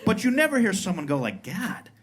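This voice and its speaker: A man's voice: medium pitch, very animated, fairly quick, crowd noise, background noise. A man in his thirties from Colorado performing a self-mocking stand-up set in a comedy club, acting out brash tough-guy voices. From Pueblo, Colorado. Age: 30s.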